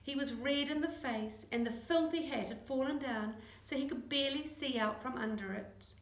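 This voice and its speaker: A woman narrating a children's chapter book, acting out the dialogue in lively voices. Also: sits high, normal speed. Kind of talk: audiobook reading. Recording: echoey room.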